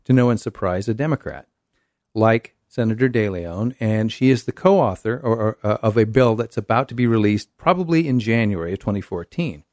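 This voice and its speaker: A man's voice: lowish voice, normal speed, a little mellow, dry recording, clean studio sound. A man hosting a casual talk show, reading news articles aloud and adding sarcastic remarks. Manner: wry, reads quotes then comments sarcastically. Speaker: podcast host.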